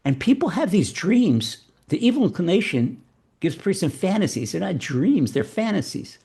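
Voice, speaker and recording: A man telling a religious fable and drawing its lesson, animated and prone to repeating words. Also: high-pitched, moderate pace, creaky, slightly rough. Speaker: rabbi storyteller.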